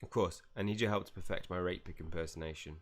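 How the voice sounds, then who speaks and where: Low-voiced chatty man streaming. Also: steady tone, quick pace. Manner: chatty, reads game dialogue aloud, laughs often. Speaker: gaming streamer. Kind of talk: live gameplay commentary.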